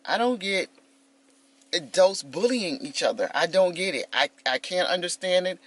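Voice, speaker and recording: A woman's voice: fairly low pitch, normal speed, no echo. Dry-sounding woman in her fifties vlogging. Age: 50s. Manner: animated storytelling, addressing viewers as y'all. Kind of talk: casual vlog monologue.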